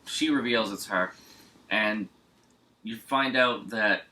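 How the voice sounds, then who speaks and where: Brief: male reviewer, lowish voice with a forceful, bright edge, blunt and animated. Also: slow. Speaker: movie reviewer. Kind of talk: casual chat.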